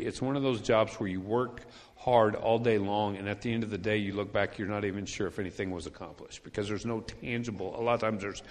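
A man preaching a sermon as a pastor, telling a personal story in a chatty way and repeating his key points for emphasis. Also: lowish voice. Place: church sanctuary. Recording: long church hall reverb.

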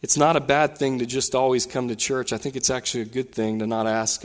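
A male pastor delivers a sermon in a church sanctuary, his middle-pitched voice a little fast and flat in delivery. Animated, he swells higher and louder as he retells a scene, while long reverb follows every phrase.

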